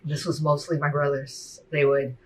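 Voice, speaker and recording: A woman telling her personal testimony in a soft, hesitant way, with many fillers. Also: low voice, level tone, normal speed, slight background noise, rough recording.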